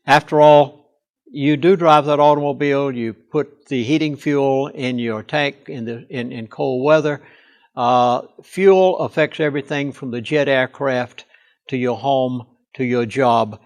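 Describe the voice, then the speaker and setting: In a studio interview, an older man who serves as a pastor and chaplain talks a little slowly in a medium-pitched voice. He is earnest and emphatic, pressing hard on key words.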